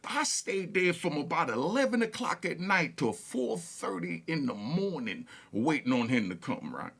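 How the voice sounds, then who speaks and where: A man from Harlem, New York, casually tells street stories in a laid-back, repetitive way, with stammered restarts and laughter. His sing-song voice runs on the high side at a moderate pace, a bit bright and husky with vocal fry.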